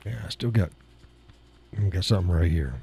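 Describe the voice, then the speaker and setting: A man's voice: deep voice, a little fast, gravelly, dark tone, slightly rough. A middle-aged man hosting a live stream, chatting casually with viewers and laughing often at their comments, with a lingering cough. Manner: laughs a lot, self-deprecating banter. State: lingering cough, clears throat.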